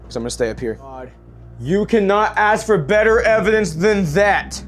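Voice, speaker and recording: A young man with a high, wildly swinging voice, hoarse from screaming. He hushes when he talks to spirits in an old house at night and bursts into frightened yelps. Faint music plays under his voice. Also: lively intonation, normal speed. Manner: shrieks and swears when startled, hushed when addressing spirits. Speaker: ghost-hunting vlogger. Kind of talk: excited paranormal vlog.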